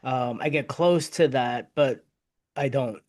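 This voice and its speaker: A man's voice: mid-range voice, takes it slowly, a little mellow. Candid, heartfelt middle-aged man. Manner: candid and heartfelt, repeats words as he searches. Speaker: guest, victim advocate. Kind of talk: casual conversation.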